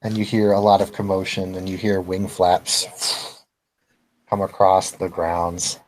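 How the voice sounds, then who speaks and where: A man narrating as game master of a tabletop role-playing game, in a relaxed, chuckling way. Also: sits low, a little slow, low-quality recording.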